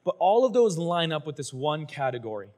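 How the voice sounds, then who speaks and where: A male pastor delivers a sermon in a relaxed, conversational way. He tells scripture stories with animated energy and acts out the people in them. His voice sits slightly high for a man. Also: fairly quick. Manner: casual, animated storytelling with playful voiced asides.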